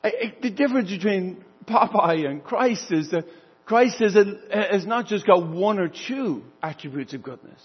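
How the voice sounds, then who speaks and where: Husky, high-voiced older male pastor. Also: lively intonation, moderate pace, long reverb tail, muffled recording. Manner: storytelling, acting out dialogue. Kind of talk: sermon.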